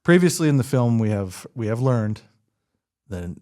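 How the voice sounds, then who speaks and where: A man hosting a podcast, chatting casually about a film, animated and quick to laugh. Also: mid-range voice. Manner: animated, laughs often, jokey asides. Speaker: podcast host. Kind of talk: casual chat reviewing a film.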